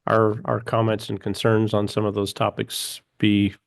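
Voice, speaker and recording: A man chairing a public commission meeting, running the votes briskly. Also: on the low side, monotone, gravelly, no echo. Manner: brisk, procedural.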